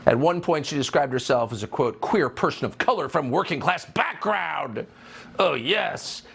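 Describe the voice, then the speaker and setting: A man's voice: mid-range voice, fairly bright tone, breathy edge. A man delivering a scripted commentary monologue in a mocking, sarcastic tone.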